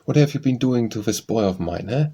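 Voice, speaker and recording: Storybook role: man reading a curt, gruff elderly gentleman, low and husky. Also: fairly even intonation, normal speed. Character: gruff, abrupt elderly gentleman, kindly underneath.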